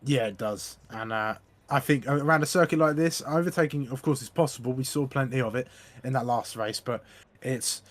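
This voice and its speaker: Rambling co-commentator, mid voice. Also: male voice, mid-range voice, normal speed. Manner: rambling analyst talk with hesitant restarts. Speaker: sim racing co-commentator. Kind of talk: live race commentary.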